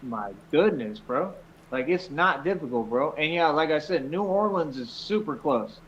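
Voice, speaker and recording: A man's voice: a little high, animated, normal speed, fairly bright tone, slight background noise. A man in a played clip, insistently lecturing someone, on dull lo-fi audio. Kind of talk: ranting video clip.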